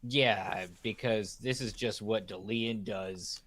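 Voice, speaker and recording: A man talking as a tabletop player in a relaxed, chatty way. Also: lowish voice, slow pace. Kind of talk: tabletop role-play.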